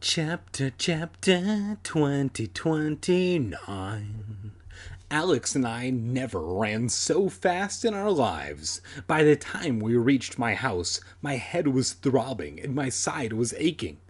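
A man's voice: mid-range voice, sing-song, takes it slowly, few pauses, slightly rough. A young man reading a children's horror book aloud with sardonic, crude comic asides. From San Diego area.

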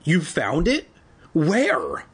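A scared young boy, put on by a man cries out in a shrill, stammering voice, pitched far above his usual speech. The boy sounds panicky and breathless with fright. It is delivered as a comic storybook reading with a husky edge. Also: wildly swooping pitch, drawn-out words, fairly bright tone, full character voice.

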